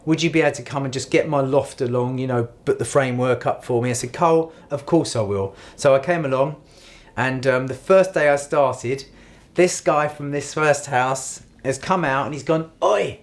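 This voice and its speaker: A man's voice: mid-range voice, normal speed. Middle-aged man telling a story. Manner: animated anecdote-telling, acting out quoted voices. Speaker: podcast co-host. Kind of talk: casual storytelling chat.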